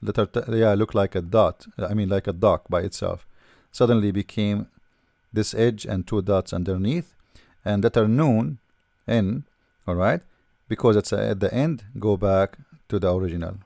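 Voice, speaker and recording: A man's voice: fairly low pitch, normal speed, gravelly, a little mellow, no echo, studio quality. A man teaching the alphabet patiently, repeating sounds and often checking in with "all right?". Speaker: language teacher. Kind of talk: explaining letters while writing.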